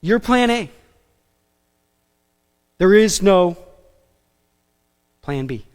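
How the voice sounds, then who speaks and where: A man preaching a sermon as pastor, animated and emphatic, with casual asides and self-deprecating jokes. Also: high voice, drawn-out words, smooth, big-room sound. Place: church sanctuary.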